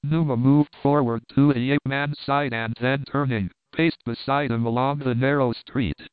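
A man reading an adventure story aloud in a steady, measured narration. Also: mid-range voice, clear, resonant tone, no room sound. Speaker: audiobook narrator. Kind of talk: scripted narration. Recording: dry, tinny phone-like sound.

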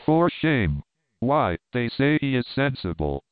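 A man's voice: medium pitch, sing-song, takes it slowly, no room sound. A man reading a grumbling sleepy doorkeeper. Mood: scornful. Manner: grumbling and scornful. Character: sleepy, gruff male doorkeeper. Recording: tinny phone-like sound.

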